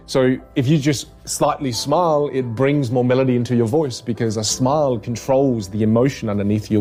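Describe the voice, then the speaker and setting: A man working as a communication coach, explaining his ideas in a podcast conversation with energetic, emphatic repetition. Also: on the low side. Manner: energetic, emphatic, repeats key points.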